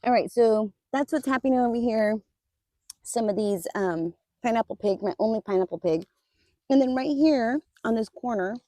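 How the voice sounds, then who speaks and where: Garden vlogger, woman, casual and chatty, talks straight to viewers, mellow voice, dry sound. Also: on the high side, no echo. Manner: chatty, addresses viewers as "you guys", laughs easily. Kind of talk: casual garden tour vlog. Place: outdoors in a garden.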